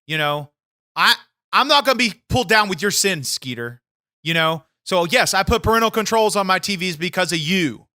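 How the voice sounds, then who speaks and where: A brash man rambles and swears through comedic wrestling banter. His voice sits fairly high and rings bright and forceful, with a dry, close sound. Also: lively intonation, normal speed, no room sound. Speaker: podcast co-host. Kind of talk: comedic wrestling persona chat.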